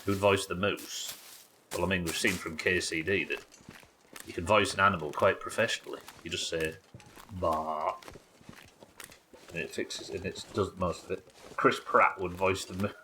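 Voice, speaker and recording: British male streamer, low bright voice, chatty and joking, faint hiss behind. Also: fairly even intonation, moderate pace, low-quality recording. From United Kingdom. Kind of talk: casual gameplay commentary.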